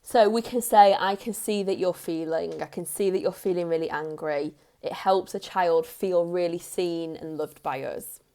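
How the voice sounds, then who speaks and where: A woman in her thirties, a parenting coach, giving earnest advice straight to the camera in a soft tone, repeating key phrases for emphasis. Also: fairly low pitch, normal speed, few pauses. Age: 30s. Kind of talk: direct-to-camera advice talk.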